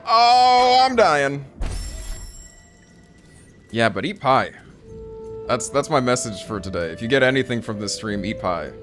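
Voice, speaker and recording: A man's voice: on the low side, lively intonation, a little fast, a bit bright. A man streaming gameplay live, talking to himself, yelping and groaning at the game, and rambling in asides. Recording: game music behind voice.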